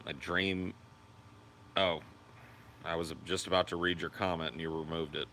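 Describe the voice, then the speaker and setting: A low-voiced man with a bright, forceful tone hosts a casual livestream. He rambles, swears freely and answers viewer comments. A faint hiss of noise sits behind him. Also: steady tone, normal speed. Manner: high sing-song baby talk to his dog. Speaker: livestream host.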